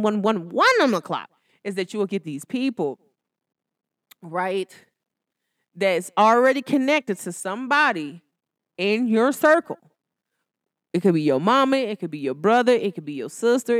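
A young woman, talking to listeners on her podcast in a casual, sassy, animated way. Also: no room sound, studio quality. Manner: animated, sassy, jumps into high exclamations. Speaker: podcast host. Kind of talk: casual solo podcast talk.

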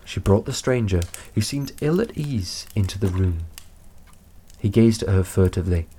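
Low deep voiced guy narrating a story, calm and steady. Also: moderate pace, breathy edge. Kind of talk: scripted story reading.

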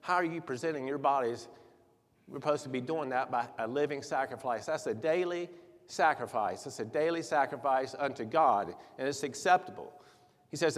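A man preaching a sermon in a church, soft-spoken at first, then louder and livelier with chuckles. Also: medium pitch, animated, moderate pace. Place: church sanctuary. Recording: long hall reverb.

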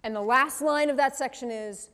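Here a woman pastor gives a conversational sermon in a smooth, high-pitched voice that is a bit bright and moves at a moderate pace. She frequently checks in with her congregation using teacher-like tag questions, all heard with the long reverb of a large hall.

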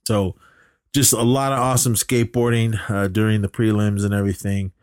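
A man's voice: on the low side, little pitch movement, brisk, darkish tone, clean tone, no echo, clean studio sound. A man hosting a podcast, recapping a movie in a rambling, filler-heavy way. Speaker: podcast host.

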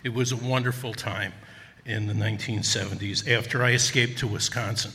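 A man in his sixties with a New Jersey accent, telling a personal story live to an audience in a hall, chatty and self-deprecating with halting ums. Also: lowish voice, steady tone, bright, forceful tone. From Newark, New Jersey. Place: neighborhood center hall. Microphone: stand microphone. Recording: long hall reverb.

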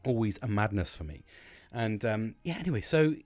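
A man's voice: on the low side, animated, normal speed, a little mellow, no echo. A man in his forties hosting a solo podcast, talking casually into a close mic in a rambling, sweary, self-mocking way. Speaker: podcast host. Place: at home, drinking cider. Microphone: close studio-style mic.

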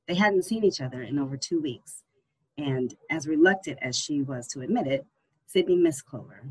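An audiobook narrator reading a novel in a steady, even storytelling manner. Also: medium pitch, moderate pace, husky, poor audio. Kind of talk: scripted narration.

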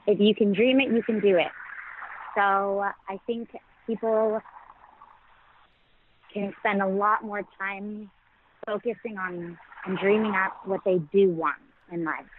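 A woman's voice: mid-range voice, fairly even intonation, measured pace, pauses often, slight background noise. A middle-aged woman, a podcast guest, talking enthusiastically and telling stories with laughs. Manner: enthusiastic, storytelling, warm laughter. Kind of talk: conversational interview. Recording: tinny phone-like line.

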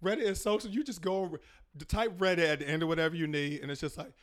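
Animated ranting comedian, fairly high voice. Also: male voice, fast talker. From Prince George's County, Maryland. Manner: animated ranting, slangy, mocking impressions. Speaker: comedian guest. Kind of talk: casual podcast chat.

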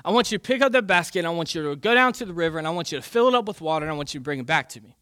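A man voicing a patient old grandfather who gives his grandson calm instructions during a sermon story. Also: high voice, moderate pace, no room sound, clean studio sound. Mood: instructing.

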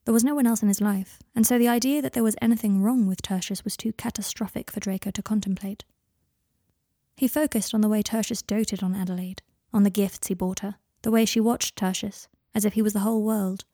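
A woman narrating a fan fiction audiobook in a calm, even reading voice. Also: medium pitch, fairly quick, no room sound, studio quality.

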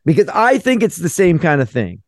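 A man's voice: high voice, very animated, moderate pace, dry recording, clean studio sound. A man co-hosting a casual podcast, earnestly inviting listeners to share their views. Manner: earnest, asks listeners to weigh in. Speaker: podcast co-host. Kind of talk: casual chat.

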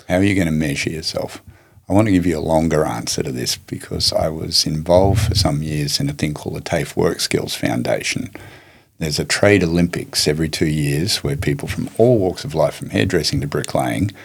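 A man with a low, gravelly voice, slightly husky, answers interview questions at length. He speaks in a measured, reflective way and brings his stories to life by acting out the lines of the people in them. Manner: measured, reflective, acts out quoted speech. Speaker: guest, martial arts teacher and charity head.

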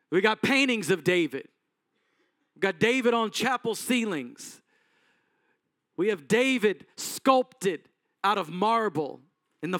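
A man's voice: high-pitched, fairly bright tone, dry recording, clean studio sound. A male pastor preaching a sermon in a conversational storytelling manner, asking the congregation questions.

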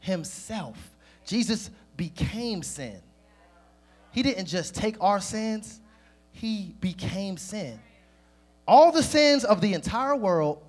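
A man preaching a sermon, talking lively and directly to the congregation. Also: high-pitched.

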